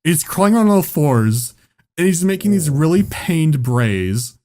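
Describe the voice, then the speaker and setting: A man telling a story in casual chat. He is animated and swears often, and he laughs at his own story. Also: on the high side, measured pace. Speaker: podcast host.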